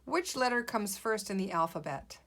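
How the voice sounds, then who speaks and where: A woman's voice: mid-range voice, lively intonation, normal speed, a bit bright. A woman teacher leading a guided reading lesson for young children, patient and encouraging, sounding out letters and words.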